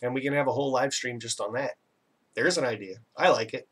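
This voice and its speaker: A Canadian man hosts a relaxed live chat, rambling along and poking fun at himself as he reads out viewers' comments. His voice sits at an ordinary middle pitch and is picked up from a little way back from the microphone. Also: fairly quick, far from the mic, noisy background. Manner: chatty and rambling, self-teasing, laughs often. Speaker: live stream host.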